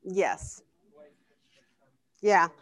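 A woman's voice: fairly low pitch, very animated, very slow. A woman teaching a Bible study class in a conversational way, often asking the group questions. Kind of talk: interactive Bible lesson.

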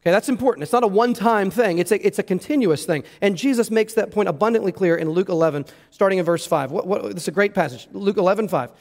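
A man's voice: high-pitched, fast talker, hardly any pauses, darkish tone. A pastor preaching an earnest sermon, emphatic and repeating words as he stresses his points. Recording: long hall reverb.

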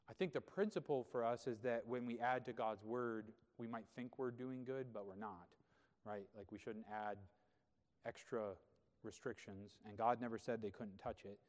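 A pastor with a medium-pitched, slightly mellow voice preaches a sermon in a big-sounding room. He explains scripture conversationally and often checks in with rhetorical questions.

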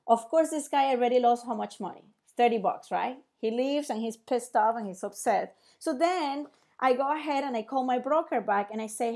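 A woman with a fairly high voice explains in a casual, animated teaching style. She keeps asking rhetorical questions and acts out short exchanges as she goes. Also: moderate pace.

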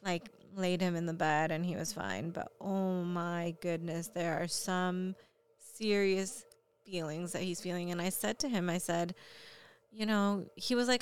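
A woman's voice: lowish voice, steady tone, moderate pace, clear, resonant tone. A young woman and parent, chatting casually and telling a candid story with frequent fillers. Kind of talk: casual chat.

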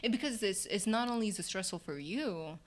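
A woman co-hosting a casual conversation, talking in an animated, candid way with frequent laughter and quoted asides. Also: medium pitch, brisk.

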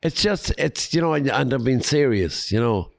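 A man's voice: medium pitch, animated, moderate pace, gravelly, no echo, clean studio sound. A man, co-hosting a podcast in an easygoing way with many "you know" asides. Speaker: podcast co-host. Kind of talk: casual chat.

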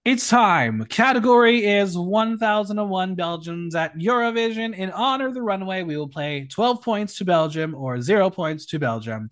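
A man hosting a casual recap podcast, opinionated and animated. His voice sits a little high and swings widely in pitch. He is recorded dry and close, with no room sound. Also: normal speed, few pauses, clean tone, no room sound. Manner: animated, opinionated, swings between loud and hushed. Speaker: podcast host.

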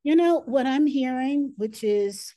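A podcast host reflects on her guest's story in reflective interview talk, speaking slowly, thoughtfully, and with emotion. Her voice is high-pitched, animated, and mellow, with no room sound.

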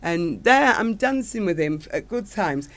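A middle-aged singer from Manchester talks in a casual interview, her plain throughout. She rambles from one excited story to the next, gushing with delight. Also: mid-range voice, unhurried.

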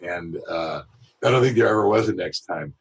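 A male voiceover artist telling a lively anecdote in an interview, with a husky voice. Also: sits low, normal speed, rough recording. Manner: animated anecdotal storytelling. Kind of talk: storytelling in an interview.

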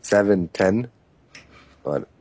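Quiet, husky man with a low voice. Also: expressive, very slow. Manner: quiet and hesitant, laughs often. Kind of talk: casual podcast chat.

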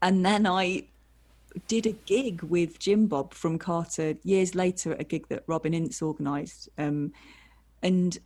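Podcast guest, woman from England, lower voice, rambling self-deprecating anecdotes. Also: steady tone, a little slow, darkish tone. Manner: rambling, self-deprecating storyteller with acted-out quotes. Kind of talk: casual anecdotal chat.

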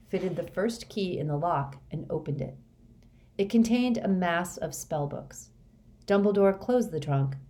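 A woman reading a story aloud as narrator, in a steady, measured way. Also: on the low side. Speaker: audiobook reader.

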